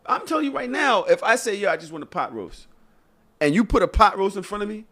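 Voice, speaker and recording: A man's voice: high voice, quick pace. A man co-hosting a podcast, ranting in casual chat with swearing and exasperated questions. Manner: animated, exasperated, swears and rants. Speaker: podcast co-host.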